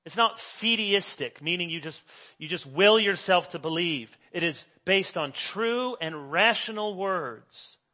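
A middle-aged male pastor preaching a sermon, swinging from hushed asides to loud emphasis. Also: high voice, animated, measured pace, hardly any pauses.

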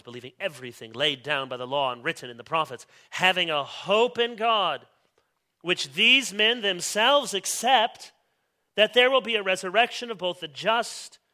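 A man preaching an expository sermon in a high, bright, ringing voice. He reads scripture aloud with rising intensity and leans hard on key words. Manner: emphatic, pushes key words louder and slower. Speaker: pastor.

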